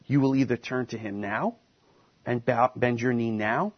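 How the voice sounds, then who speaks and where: Husky-voiced male preacher, lo-fi recording. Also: medium pitch, fairly even intonation, moderate pace. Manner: preaching emphatically, asking the congregation questions. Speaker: pastor. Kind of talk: sermon.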